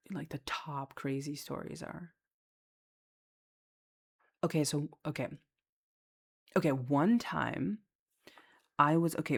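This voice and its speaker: A woman's voice: sits low, creaky, husky. A woman who works as a lifeguard, chatting casually and candidly about her job, swearing freely and filling her talk with fillers. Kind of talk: casual storytelling chat.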